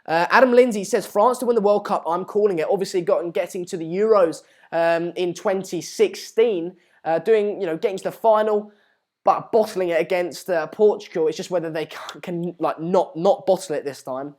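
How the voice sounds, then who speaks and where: A man's voice: sits high, normal speed, darkish tone. A man from Sweden hosting a live football watchalong, casually commenting on play and reading viewer comments. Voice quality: chatty, reads viewer comments aloud. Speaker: live stream host.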